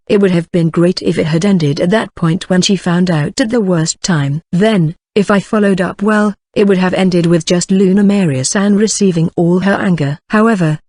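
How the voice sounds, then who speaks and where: A text-to-speech voice narrating a light novel in first person, flatly reading punctuation marks aloud. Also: medium pitch, no room sound. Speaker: audiobook narrator.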